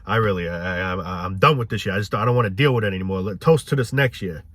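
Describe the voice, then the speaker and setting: A man's voice: sits low, fast talker, fairly bright tone. A man ranting cynically in a rambling, profane casual monologue.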